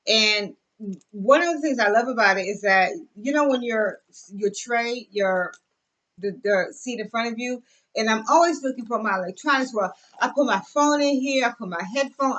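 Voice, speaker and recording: A young adult woman with a fairly high voice chats straight to camera. She is effusive and loose, full of fillers and little asides. She sounds relaxed and friendly as she shows off a bag. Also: highs cut off. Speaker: vlogger. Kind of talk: casual show-and-tell chat.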